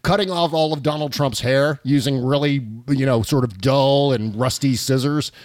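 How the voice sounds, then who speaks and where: A man hosting a casual political comedy talk show, wry and animated, piling on exaggerated jokes into a studio mic. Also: medium pitch, moderate pace, dry recording. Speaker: radio show host.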